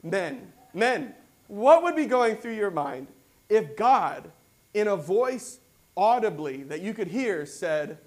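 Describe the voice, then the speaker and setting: Male pastor, high-pitched, conversational sermon delivery, reads verses and unpacks them. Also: slow. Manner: conversational preaching, reads scripture then explains it; acts out quoted voices with rising excitement.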